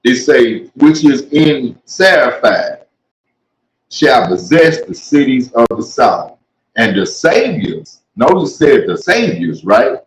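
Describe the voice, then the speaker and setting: A man's voice: mid-range voice, big pitch swings, slow pace. A man preaching in a casual, slangy way, reading scripture aloud and then talking it over. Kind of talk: casual street-style Bible teaching. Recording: echoey room.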